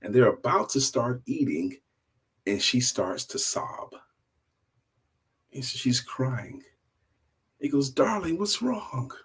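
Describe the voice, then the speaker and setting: An older man hosting a storytelling show, telling a story in a relaxed, conversational, repetitive way. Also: mid-range voice, slow pace, pauses often, husky. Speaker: storyteller host. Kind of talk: casual spoken storytelling.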